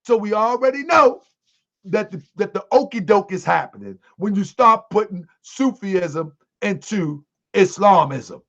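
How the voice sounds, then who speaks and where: A man hosting an online livestream, commenting to his viewers in a preachy, animated way. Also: high voice, measured pace. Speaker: host of an online show. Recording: dull lo-fi sound.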